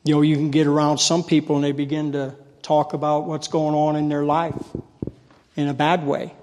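A man preaches with folksy, storytelling warmth, pushing his congregation to answer back. His voice sits a touch high and rings out in a long, reverberant hall. He swells into shouting bursts when the spirit moves him. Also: flat delivery, moderate pace. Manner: gets loud when fired up. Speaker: lay preacher. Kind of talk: sermon.

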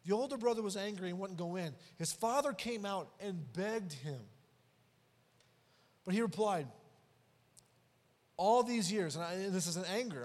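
A man preaching a sermon who swings between loud and hushed passages and acts out the dialogue of the story. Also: high voice, animated, unhurried, long pauses. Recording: long hall reverb.

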